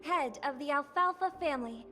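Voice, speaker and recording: An actress voicing a formal, gracious female host of a grand festival, giving a measured ceremonial welcome in a video game. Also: high voice, pushed and bright, soft background music. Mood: ceremonious. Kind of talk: game voice acting.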